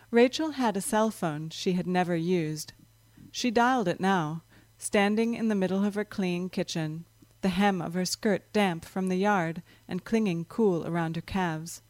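A woman narrating a story in a calm, measured reading voice. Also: mid-range voice, no echo.

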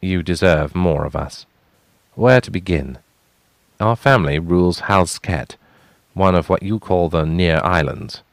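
A man's voice: sits low, unhurried, vocal fry, no room sound. A man voicing a weary but proud young royal half-brother, earnest as he explains.

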